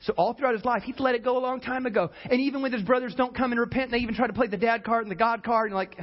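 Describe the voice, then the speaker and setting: A man preaching with a very high voice, animated and punchy, acting out the people he talks about. The sound is a little dull and lo-fi, like a plain church recording. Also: racing, hardly any pauses. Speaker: pastor. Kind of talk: sermon.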